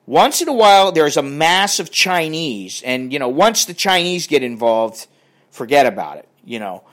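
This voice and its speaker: A man's voice: a little high, very animated, normal speed, fairly bright tone. An older man ranting in a crotchety, profane and rambling way as he talks to his viewers. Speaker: vlogger. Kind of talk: casual rant to camera.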